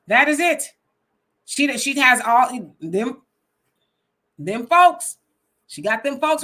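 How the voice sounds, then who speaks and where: A woman hosting a casual live stream, reading viewer comments aloud, animated and laughing often. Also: mid-range voice, moderate pace, slight background noise. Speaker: host reading live chat.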